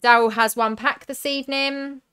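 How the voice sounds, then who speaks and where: A woman's voice: high-pitched, fairly even intonation, moderate pace, pushed and bright, clear, resonant tone. A young woman with a southern English accent, chatting on a live stream as she opens card packs and reads out viewer comments. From southern England.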